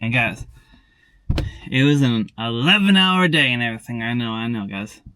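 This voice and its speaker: A man addresses viewers directly in a casual daily vlog, rambling and repeating himself with constant "and everything" and "tell you what." His mid-range voice is pushed, bright, clear and resonant, with lively intonation and a moderate pace. There's no room sound.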